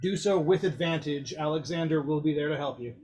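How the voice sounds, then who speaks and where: A man running a tabletop game as game master, narrating actions in a relaxed, descriptive way. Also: on the high side, a little fast, faint music behind.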